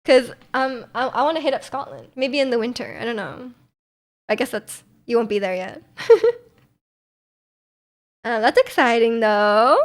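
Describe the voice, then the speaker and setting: Chatty young woman with a high voice. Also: measured pace, long pauses. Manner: rambling and chatty, laughs often, answers chat. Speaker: livestreamer. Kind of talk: casual chat.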